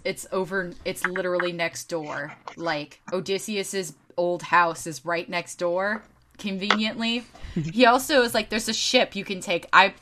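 A woman hosting a podcast, telling a video game story in casual chat, animated and swearing freely, with lots of fillers. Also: fairly low pitch, noisy background. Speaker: podcast host.

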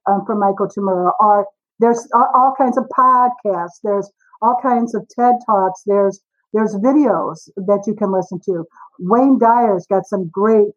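A woman in her forties, a guest author on a podcast interview, telling stories with lively acted-out dialogue. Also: a little high, highs cut off. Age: 40s. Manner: animated storyteller, acts out dialogue.

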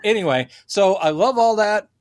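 A fairly high-voiced man co-hosting a pop-culture podcast. He talks fast and lively, slipping into silly voices whenever he quotes someone. The sound is dry and close, with no room echo. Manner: animated, acts out quotes in voices. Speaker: podcast co-host. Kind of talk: casual pop-culture chat.

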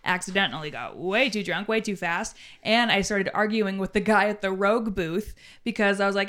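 An animated woman trades stories in a relaxed group chat. She throws herself into her anecdotes and bounces into the voices of the people she quotes. Her pitch sits in a middle range for a woman. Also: moderate pace, hardly any pauses. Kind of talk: casual chat. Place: lives in Salt Lake.

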